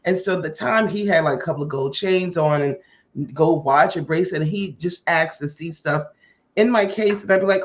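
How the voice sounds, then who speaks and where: A woman hosting a podcast tells a personal story in a casual way and acts out the dialogue with lively voices. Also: deep voice, a little fast. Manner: animated, acts out quoted dialogue. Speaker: podcast host. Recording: muffled lo-fi audio.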